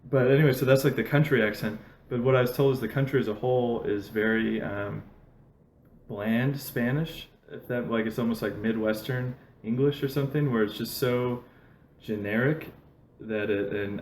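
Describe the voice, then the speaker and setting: In a lowish, darkish voice, a podcast host spins meandering stories over casual conversation, filling gaps with "like" and laughing frequently. Faint noise and a roomy echo sit behind him.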